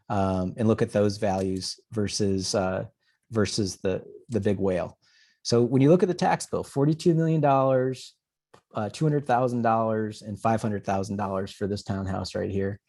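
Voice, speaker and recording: A man presents a webcast with a mellow, warm tone. He tells animated, data-filled stories and acts out the people he quotes. His delivery is casual and engaging. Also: lowish voice, normal speed. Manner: animated storyteller who acts out conversations. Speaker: urban planner giving a talk.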